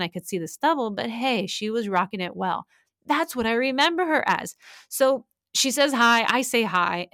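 Female host for casual true-crime narration: animated, frank, acts out quotes, dry and close-miked. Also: medium pitch, no room sound. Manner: animated, blunt and conversational, acting out quoted voices.

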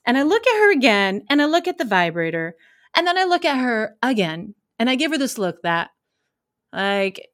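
A woman who works as a crime scene investigator, casually telling wry, animated stories from her work. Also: on the high side, normal speed. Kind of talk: casual anecdotal storytelling.

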